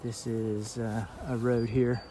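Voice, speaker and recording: A man with a Southern Georgia accent telling a story outdoors as he hikes, in a relaxed, reflective vlog manner. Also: mid-range voice, takes it slowly, very noisy. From southern Georgia, USA. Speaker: thru-hiker vlogger. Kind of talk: casual trail vlog talk. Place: outdoors on a hiking trail.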